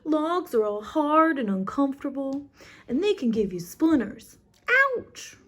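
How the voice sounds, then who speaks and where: A woman's voice: sits high, expressive, a little slow, pitched above the performer's own voice. A woman voicing a reluctant frog in a picture book, asking one pleading question after another.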